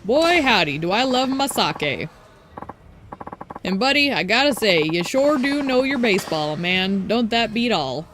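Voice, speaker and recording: A woman's voice: on the high side, big pitch swings, a little slow, noisy background. A woman reading aloud as a drunken, folksy former baseball ace, brash and full of old-timey slang. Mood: boisterous.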